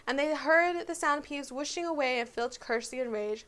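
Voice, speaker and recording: A woman reads a children's novel aloud for a book club, in a fairly high voice. Her reading is steady, with the odd slip and restart. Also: moderate pace, few pauses. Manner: steady reading with small slips.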